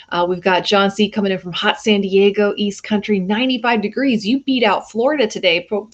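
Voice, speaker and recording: A woman in her forties who works as a physical therapist chats on a casual live stream from her Florida home studio, jet-lagged and chatty, reading viewer shout-outs and greeting viewers by name while correcting herself along the way. Her voice is medium-pitched and fairly bright, and the high frequencies are cut off.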